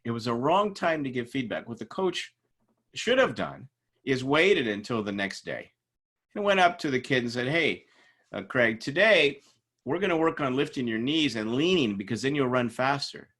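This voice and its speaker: Man lecturing with lively storytelling. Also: mid-range voice, normal speed. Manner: animated storytelling, acts out quoted people. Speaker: instructor. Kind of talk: informal lecture with anecdotes.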